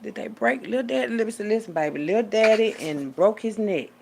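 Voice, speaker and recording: A woman delivering a profane, preachy rant as a little sermon, swinging between hushed asides and loud outbursts. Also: mid-range voice, expressive, moderate pace, gravelly, a little hiss or hum. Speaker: vlogger giving a street sermon.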